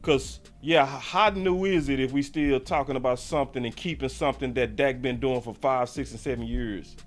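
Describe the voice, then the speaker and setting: A man hosting a sports channel, talking excitedly, repeating himself and throwing in mocking exclamations. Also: mid-range voice, moderate pace, faint music behind. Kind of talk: animated live-stream commentary.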